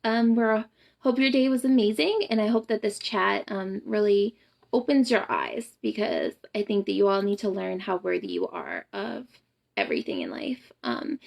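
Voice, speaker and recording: A woman's voice: mid-range voice, very animated, moderate pace, gravelly. A young adult woman with a Southern US accent, a photographer giving a blunt, profane, ranting pep talk on a casual live stream. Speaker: boudoir photographer and empowerment coach.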